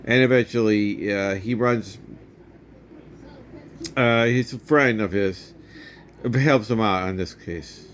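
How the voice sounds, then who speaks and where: Low-voiced rambling man in his fifties. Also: slow pace, long pauses, slight background noise. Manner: rambling, loose retelling with many restarts. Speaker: vlogger reviewing a movie. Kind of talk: casual movie review.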